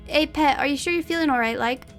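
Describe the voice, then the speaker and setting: An easygoing, heavyset young Geordie man who calls everyone "pet", put on by a woman reading a story aloud. The voice sits high for a man, and faint music plays underneath. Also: quick pace, a bit bright. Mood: friendly. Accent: Geordie, attempted.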